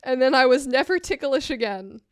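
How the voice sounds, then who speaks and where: A woman co-hosting a casual podcast, telling a personal story in an animated way and acting out the voices in it. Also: high-pitched, normal speed, clear, resonant tone, no room sound, clean studio sound. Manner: animated, acts out voices in her stories. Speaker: co-host.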